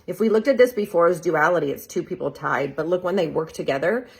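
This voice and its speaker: Woman tarot reader, husky and lower-pitched, chatty and upbeat delivery. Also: fast. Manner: chatty, enthusiastic, laughs often, lots of "like" and "right?". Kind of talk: casual tarot reading video. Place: real estate group's social video.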